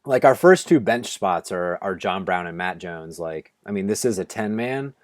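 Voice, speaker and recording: A low-voiced, expressive man talks at a moderate pace with slight background noise. He's co-hosting a fantasy football draft stream from home via video call, rambling casually with plenty of restarts and lots of "like."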